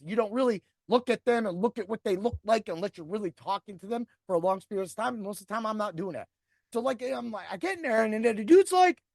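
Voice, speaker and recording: A man's voice: sits high, no echo, clean studio sound. A middle-aged man hosting a podcast, telling a grievance story in a profane, rambling rant. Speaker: podcast host. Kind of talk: ranting storytelling.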